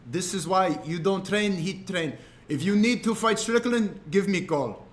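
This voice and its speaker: Male performer doing a stern Dagestani-accented fighter, higher voice, slow and commanding, short broken phrases. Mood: instructing. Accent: Dagestani, in broken English. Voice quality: higher, blunt, clipped broken English. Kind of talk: impression in a story.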